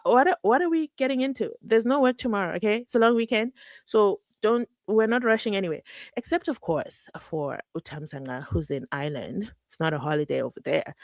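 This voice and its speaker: A woman's voice: mid-range voice, no room sound. A woman hosting a true crime channel, chatting casually and animatedly with her live-stream viewers. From South Africa. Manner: animated, chatty, breaks into laughs and asides.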